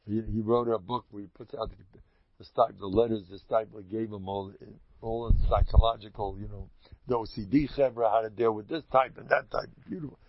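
A man telling stories in an animated, rambling way, chuckling and restarting his sentences often. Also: on the low side, brisk, no room sound. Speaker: Hasidic storyteller giving a talk. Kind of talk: informal storytelling talk. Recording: dull lo-fi dry recording.

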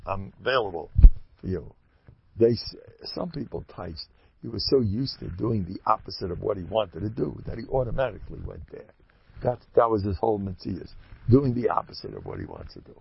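An older man, a rabbi, giving a Torah lecture full of stories, acting out the people he quotes with sudden high, loud bursts. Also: fairly quick, creaky, breathy edge. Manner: animated storyteller, jumps high when acting out quoted voices. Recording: dull lo-fi recording.

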